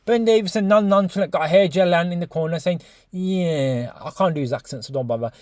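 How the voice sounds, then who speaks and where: A man's voice: high-pitched, fast, no room sound. A man giving casual, swearing boxing reaction commentary to his viewers. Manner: swearing, animated, talks to viewers as guys. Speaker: boxing YouTuber.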